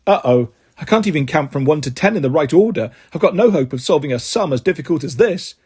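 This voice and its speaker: A man reading a children's book aloud in an animated way, jumping to higher voices for the characters. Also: quick pace, slightly rough. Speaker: storybook reader.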